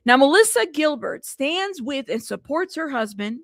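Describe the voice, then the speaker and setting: A chatty woman hosts a casual news livestream, talking to her chat with plenty of fillers. Her voice is fairly high with a gravelly edge, and it sounds close and dry. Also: sing-song, moderate pace, a bit bright, no room sound. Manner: chatty, talks to live chat, many fillers. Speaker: news show host.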